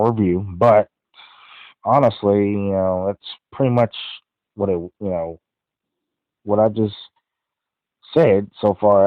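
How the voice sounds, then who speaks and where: A man talks through a movie review in a loose, rambling way, leaning on fillers and restarting his sentences. His voice sits fairly low. The sound is thin and phone-like, with a dry, close feel. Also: no room sound. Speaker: podcast host.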